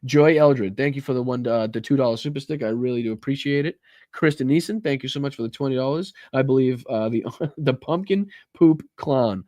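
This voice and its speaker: A man's voice: mid-range voice, a little fast, a little mellow, no echo. Brief: American male streamer, casual and profane, loose rambling delivery, dry close-mic sound. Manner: rambling, profane, with many fillers and restarts. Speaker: livestream host. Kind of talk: casual livestream chat reading viewer donations.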